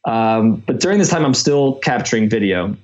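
A young man from Chicago tells a long story as a guest, rambling along with plenty of "like" and "um". His voice sits at an ordinary middle pitch. The recording sounds a little dull and lo-fi. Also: moderate pace. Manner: rambling, filler-heavy, animated storytelling. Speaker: podcast guest. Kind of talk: casual storytelling.

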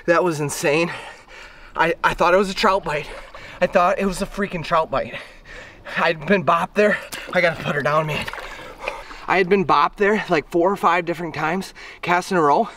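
A man's voice: a little high, moderate pace, bright, forceful tone, far from the mic, slight background noise. A young man vlogging while fishing on a river, out of breath and shaking, exclaiming and repeating himself. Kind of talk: excited outdoor vlog narration. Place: outdoors by a river.

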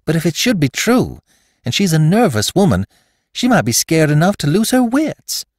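A man's voice: fairly low pitch, sing-song, slow, vocal fry, no room sound, studio quality, pitched above the performer's own voice, heavily acted. A man voicing a timid, anxious rural wife who answers in a faltering, trembling voice. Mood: fearful.

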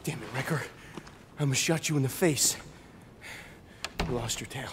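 A man's voice: mid-range voice, normal speed, lightly acted. An actor playing a jumpy male special forces soldier talking in a tense, clipped rush in a war game. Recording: voice over loud battle noise.

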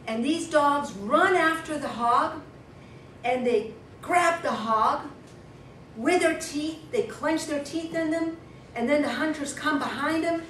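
A rough, cheerful hog hunter brags loudly and plainly about his hunt, as a woman puts him on. The voice sits a bit high for a man. It carries from a distance through an echoey room with a steady noise behind it. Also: slow pace. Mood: boastful. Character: rough-talking adult male hog hunter, cheerful and profane.

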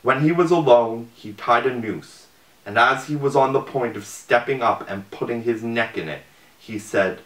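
A man reading an ancient novel aloud as an audiobook narrator, in a measured, deliberate manner. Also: mid-range voice, fairly bright tone. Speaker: audiobook reader. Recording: roomy, distant mic.

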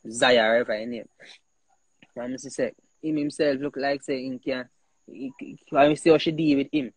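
A man's voice: mid-range voice, normal speed, slightly rough, no echo, low-quality recording. Emphatic Jamaican man, dry sound. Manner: animated, emphatic, repeats himself. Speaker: host. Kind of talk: heated casual talk.

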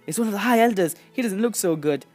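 A woman gives casual, excitable commentary while she plays a game. Her voice swings up and down with lively energy, and she exclaims often. Faint music runs in the background. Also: medium pitch, breathy edge. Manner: excitable, chatty, quick to squeal and exclaim. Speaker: gaming channel host.

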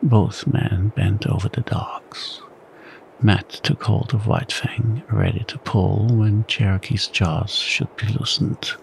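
A man narrating an audiobook as whispered role-play, soft-spoken and calm. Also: fairly low pitch, creaky, a little hiss or hum, poor audio.

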